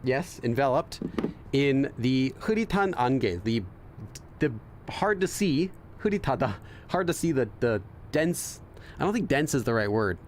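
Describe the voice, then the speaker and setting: A man's voice: medium pitch, big pitch swings, a little fast, a little hiss or hum. A man hosting a game playthrough, reading the on-screen text aloud, translating it and thinking aloud with many fillers and restarts. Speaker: let's play host and Korean learner.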